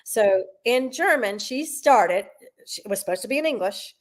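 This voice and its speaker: Animated woman telling a stage story. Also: fairly high pitch, moderate pace. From South Carolina. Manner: animated storyteller, sings snatches of lines. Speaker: guest, Broadway singer. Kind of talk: casual interview chat.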